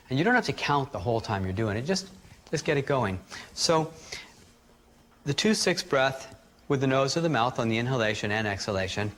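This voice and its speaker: A man teaching a live workshop, calmly guiding a group through breathing exercises and demonstrating them aloud. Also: mid-range voice, slight background noise. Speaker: energy healing teacher.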